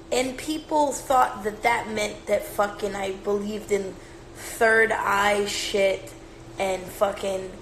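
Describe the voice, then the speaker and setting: A woman in her twenties with a smoky voice, rambling and joking profanely on a casual phone livestream at home. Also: mid-range voice. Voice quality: smoky, gravelly. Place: room at home with her cat. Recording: echoey room, faint noise.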